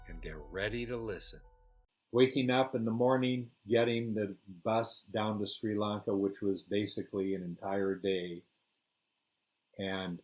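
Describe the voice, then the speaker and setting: An older man telling a first-person travel story, relaxed and rambling with fillers. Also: low-pitched. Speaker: storyteller host.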